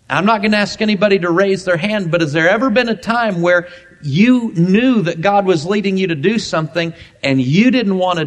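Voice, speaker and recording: Male pastor, high voice, emphatic sermon delivery with deliberate repetition.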